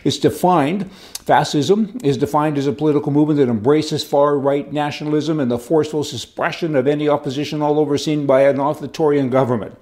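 A man's voice: fairly high pitch, fairly even intonation, fairly quick, dark tone. An older man giving rambling, folksy political commentary as host, with chuckling asides.

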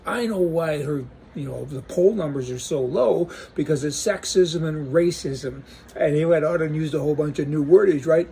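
Folksy, gravelly-voiced man mocking the news. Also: fairly high pitch, dark tone, a little hiss or hum. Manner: folksy and sarcastic, joking asides. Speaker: political commentator. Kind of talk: casual opinion monologue.

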